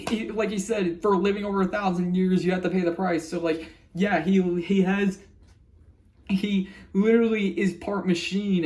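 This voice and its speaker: A man's voice: high voice, darkish tone. A man casually recapping a cartoon episode for his vlog, rambling with frequent restarts and little laughs. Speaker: vlogger reviewing a cartoon episode.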